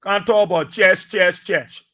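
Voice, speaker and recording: Delivering heated talk-radio commentary in Liberian English, this man has a remarkably high, bright and forceful voice, yet keeps a steady tone and measured pace. He lectures his audience, driving points in with short, repeated phrases.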